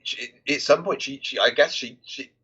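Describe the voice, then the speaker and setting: A man co-hosting a film podcast, talking casually and haltingly, with many restarts as he searches for words. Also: medium pitch, a bit bright, breathy edge. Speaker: podcast co-host. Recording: dull, lo-fi sound.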